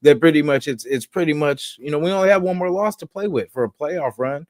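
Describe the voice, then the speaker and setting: A man's voice: on the high side, fairly quick, no echo. Laid-back man talking sports, dry sound. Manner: laid-back, reasoning aloud with filler phrases. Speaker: podcast co-host. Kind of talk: casual sports chat.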